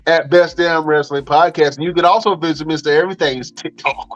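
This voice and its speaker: A man's voice: a little high, fairly even intonation, a little fast. A man hosting a podcast, casually rattling off plugs and links in a loose, chatty way full of fillers. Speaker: podcast host. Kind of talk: casual show outro with plugs. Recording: dull lo-fi audio, faint music.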